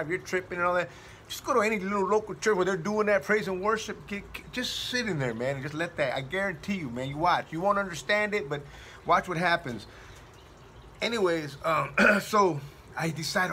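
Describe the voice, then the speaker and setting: Male comedian, bright high voice, animated slangy storyteller. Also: a little fast, slight background noise. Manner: animated, slangy, full of "man" and "dude". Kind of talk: casual storytelling monologue.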